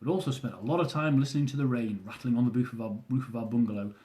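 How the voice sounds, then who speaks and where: Mellow man reading his own memoir. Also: medium pitch, rapid-fire. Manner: dry, self-mocking humour. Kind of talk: reading aloud from a travel memoir.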